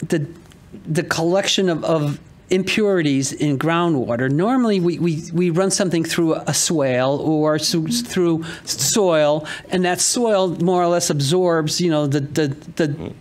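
Man, high voice, commissioner, rambling with lots of fillers, halting. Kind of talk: questioning at a public meeting.

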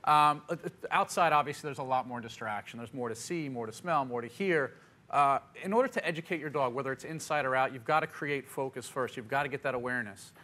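Fast, bright-voiced man giving pet advice. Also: medium pitch. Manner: upbeat, quick, puts on dog voices in quotes. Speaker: pet expert guest. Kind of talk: TV talk show advice. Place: TV studio with audience.

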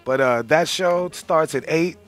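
A man's voice: on the high side, unhurried, faint music behind. A man, a pro wrestler guest in a studio, taunting and cutting brash promo-style talk. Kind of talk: trash-talking studio banter.

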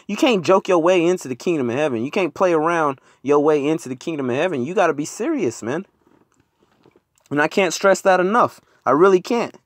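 A man's voice: fairly high pitch, no echo, studio quality. Man preaching casually, saying "man" often. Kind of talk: informal sermon with scripture reading. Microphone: phone screen recording.

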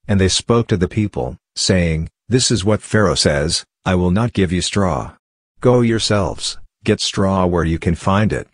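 A man reading the Bible aloud in a steady, measured way. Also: deep voice, dry recording, studio quality. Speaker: Bible reader.

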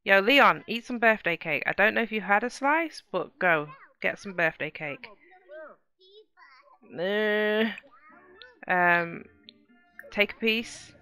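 A woman's voice: medium pitch, expressive, slow, pauses often, sharp tone. A woman hosting a casual let's play, chatting to viewers and exclaiming at what happens in the game. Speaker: gaming channel host.

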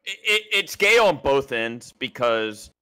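A man weighing in on a heated group call with measured criticism, often starting with hesitant fillers. His voice is bright and forward. The sound is dry and close to the mic. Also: mid-range voice, very animated, clear, resonant tone, no echo. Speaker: co-host.

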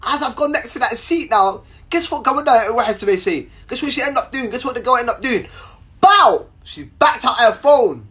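A young man telling a story to camera in an animated, slangy way, repeating words as he goes. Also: extremely high pitch, brisk, few pauses. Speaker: vlogger.

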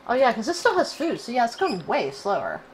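Woman host for casual game commentary, bubbly and chatty, voice sitting a little high. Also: brisk, slight background noise, low-quality recording. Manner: chatty and excitable, cooing to her in-game pet. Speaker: gaming channel host.

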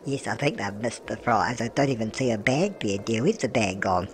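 A man's voice: fairly low pitch, expressive, normal speed, noisy background. A man putting on a doting old grandmother voice for gameplay commentary, chatty, with endless tag questions and calling everyone love, dear and darling. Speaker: gameplay channel host.

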